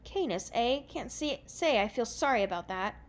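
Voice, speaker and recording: A woman's voice: a little high, lively intonation, normal speed. A woman doing a cocky, teasing young jailbird. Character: jaunty young man with a put-on English accent.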